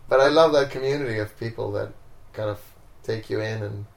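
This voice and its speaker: A man from Sweden chats at home about his travels, laid-back and quick to laugh as he acts out the people in his stories. His voice has a gravelly edge. The room echoes noticeably around him. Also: medium pitch, sing-song. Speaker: interviewee, street performer. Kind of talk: casual storytelling interview. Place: home, indoors.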